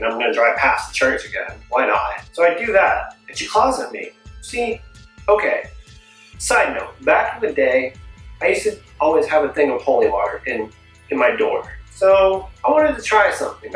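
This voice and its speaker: A man's voice: a little high, fairly bright tone, recorded from a distance. Chatty young man telling a story, off-mic. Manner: chatty, jokey, fast asides. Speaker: vlogger. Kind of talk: casual storytime monologue. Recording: roomy echo, off-mic, faint music.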